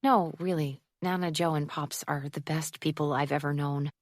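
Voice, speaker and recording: A woman's voice: sits low, fairly even intonation, normal speed, no room sound, studio quality, natural voice. A woman reading as a wry guarded young woman. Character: wry single mother, guarded and quick with humor.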